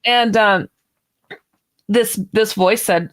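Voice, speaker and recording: A woman's voice: mid-range voice, slow pace. A woman author, a guest on a radio interview, telling a personal story and acting out the dialogue. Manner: animated storyteller who acts out quoted dialogue.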